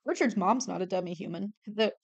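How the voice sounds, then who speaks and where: A young adult woman with a creaky, mid-range voice talks fairly quickly while drawing commissioned art on a livestream. Her chat is casual and full of swearing and gushing over characters, with sentences that often trail away unfinished.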